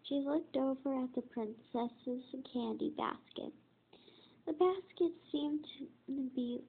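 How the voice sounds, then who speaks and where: A woman reading a children's storybook aloud, halting with fillers and restarts. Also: high-pitched. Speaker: reader. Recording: tinny phone-like sound.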